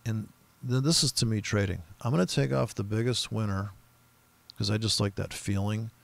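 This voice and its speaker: Streaming his forex trading, a man offers rambling, profane, casual commentary and often imitates other traders. His voice is lowish and creaky, moving at normal speed.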